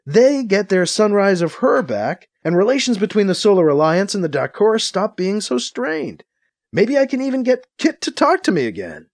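A man's voice: high voice, big pitch swings, normal speed, voice pushed up. A man reading an audiobook, voicing a persistent young man who coaxes and jokes. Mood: eager. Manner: pushy, coaxing. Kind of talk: audiobook character voice.

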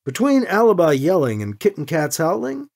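Storybook narrator with a lively voice. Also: medium pitch, normal speed, vocal fry. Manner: even storytelling, voicing each character. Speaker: audiobook narrator.

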